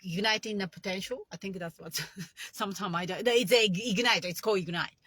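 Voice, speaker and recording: Female meditation coach, bright dry voice, chatty and instructional, English. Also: mid-range voice, no room sound. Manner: chatty, non-native English phrasing, guiding breaths. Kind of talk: casual instructional talk.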